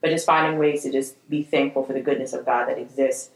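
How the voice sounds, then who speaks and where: A woman's voice: a bass voice, steady tone, fast, reverberant, low-quality recording. A woman co-hosting a podcast in casual chat, earnest and emotional, drifting between tears and laughter. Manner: earnest, tearful and laughing in turns. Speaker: podcast co-host.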